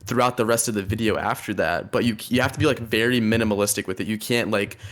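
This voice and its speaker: A young man guesting on a stream, talking in a relaxed, dismissive, rambling way with lots of fillers. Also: lowish voice, quick pace, faint music behind. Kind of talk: casual stream chat.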